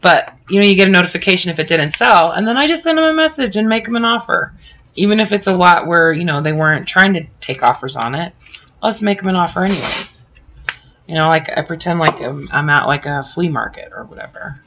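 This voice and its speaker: Casting: middle-aged woman, rambling chatty host, bright voice, faint noise behind. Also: lowish voice, expressive, brisk, lo-fi sound. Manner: rambling, chatty, many fillers. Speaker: craft channel host. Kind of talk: casual chat with live viewers.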